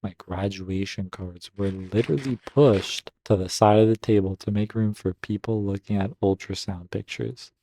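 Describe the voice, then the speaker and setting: A man with a lowish, mellow voice reads a story post aloud, then stops to cheer it on or react in casual asides. The sound is dry and close, with no room around it. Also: steady tone, normal speed, hardly any pauses, dry recording. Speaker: Reddit story reader and gaming commentator. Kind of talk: reading stories aloud with casual commentary.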